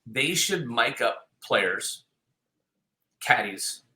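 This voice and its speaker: A man's voice: mid-range voice, lively intonation, drawn-out words, sharp tone, echoey room. A man hosting a casual golf podcast, telling rambling, emphatic stories and opinions.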